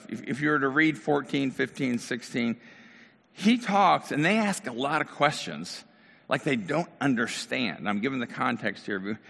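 A man's voice: medium pitch, vocal fry, a bit bright, long reverb tail. A middle-aged man preaching a casual, conversational sermon, talking directly to his congregation in a church. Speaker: pastor.

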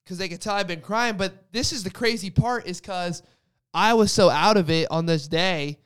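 A man's voice: sits high, normal speed, a bit bright, clean tone, no room sound, studio quality. A young man casually telling a personal faith story, rambling with lots of "like" fillers. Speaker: guest sharing a faith story. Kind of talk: casual testimony chat.

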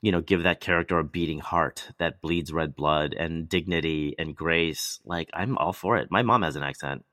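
Deep-voiced man telling a lively story. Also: moderate pace, hardly any pauses, no room sound. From United States. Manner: animated, acts out quoted voices. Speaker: actor. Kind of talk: casual storytelling conversation.

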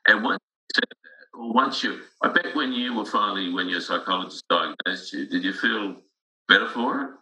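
A man's voice: fairly low pitch, expressive, moderate pace, sharp tone, poor audio. A middle-aged man in casual conversation, telling stories earnestly with frequent restarts.

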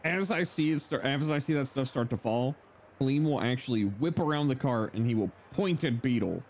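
A man's voice: medium pitch, lively intonation, a little fast. A man playing a tabletop game, narrating what his character does. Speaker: player. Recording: loud background noise and clicks.

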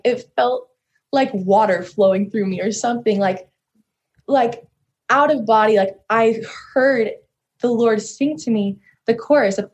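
A young adult woman, a podcast guest, telling a personal story in an earnest, rambling way with lots of "like" and "so". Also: on the high side. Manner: earnest, rambling, heavy use of "like" and "so".

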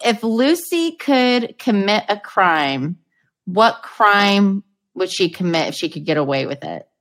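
A woman's voice: mid-range voice, very animated, takes it slowly, a bit bright. A woman hosting a casual podcast interview, playful and teasing with her guest. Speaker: podcast host.

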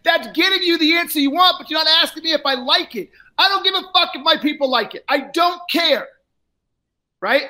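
A man coaching a salesperson in a live role-play, blunt and profane, lecturing and often raising his voice. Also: fairly quick. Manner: often shouts, then drops low.

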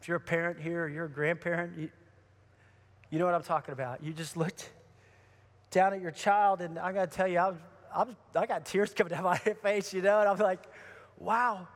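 High-voiced man preaching in a hall. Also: fairly quick. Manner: conversational, animated storytelling. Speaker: pastor. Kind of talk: sermon.

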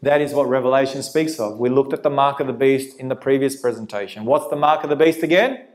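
A man preaching a prophecy sermon, animated and asking his listeners rhetorical questions. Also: mid-range voice, fast.

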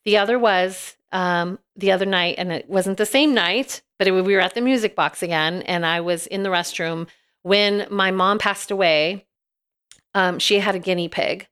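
A woman's voice: medium pitch, moderate pace, a bit bright, smooth. A woman, talking as a podcast guest. She tells a long personal story in a loose, chatty way, full of fillers and restarts, and her feelings run close to the surface. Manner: emotional, laughs and tears up while telling a story. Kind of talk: casual chat, storytelling.

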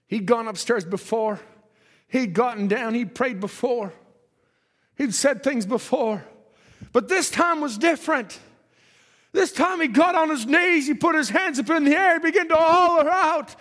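High, bright-voiced shouting preacher. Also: male voice, moderate pace, big-room sound. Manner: fervent, shouting exhortation. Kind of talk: sermon with storytelling.

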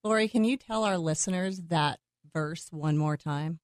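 A woman's voice: lowish voice, moderate pace, no room sound, clean studio sound. A woman hosting a faith podcast, encouraging her guest and speaking devotionally to listeners. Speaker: podcast host. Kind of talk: podcast interview.

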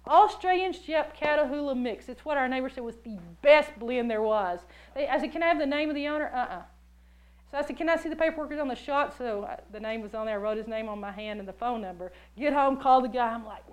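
High-voiced woman preaching a story. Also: fast talker. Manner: animated storytelling, acts out quoted voices. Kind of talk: sermon with personal story.

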